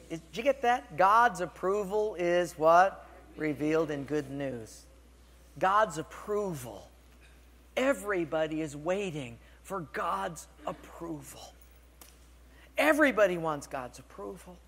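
A male pastor with a notably high voice preaches a sermon. He tells stories animatedly, breaking off to address the congregation directly. A long reverb trails his words through the hall. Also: slow. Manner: storytelling, animated, with asides to the congregation.

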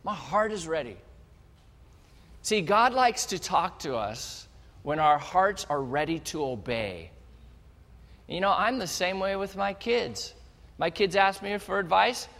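A male pastor preaching a sermon, telling the story with animated energy and speaking straight to the congregation. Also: high-pitched, measured pace, creaky. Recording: long hall reverb.

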